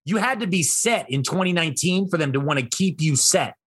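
A man in his thirties co-hosting a casual comedy podcast, telling bits in an animated way and jumping into high voices for characters. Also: fairly quick, husky, dry recording, studio quality. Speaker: podcast co-host.

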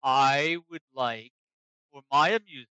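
Man doing haughty old dragon for a tabletop game, slow, commanding, bright crisp tone, muffled dry mic. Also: mid-range voice, dry recording. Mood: imperious. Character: ancient male dragon, haughty and menacing.

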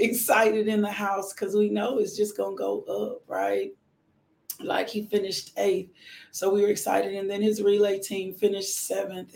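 Hoarse, gravelly woman host, casual devotional prayer, echoey room. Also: medium pitch. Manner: warm, repetitive thanksgiving, greets viewers by name. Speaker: host of a morning devotional livestream.

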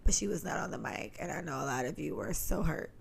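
A woman's voice: low voice, lively intonation, quick pace, gravelly, a little hiss or hum. A woman hosting a podcast in casual chat, with playful, laughing banter. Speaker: podcast host.

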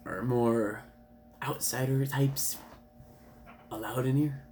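A player in a tabletop game, playful and quick to laugh, who picks up and copies accents. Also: medium pitch, steady tone, darkish tone, a little hiss or hum. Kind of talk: playing a tabletop game, casual chat.

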